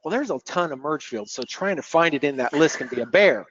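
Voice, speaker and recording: A man walks through a software demo on a screen-share webinar, explaining step by step in a relaxed manner and often repeating words as he clicks. His voice is on the high side and a little fast, with dull lo-fi webinar audio.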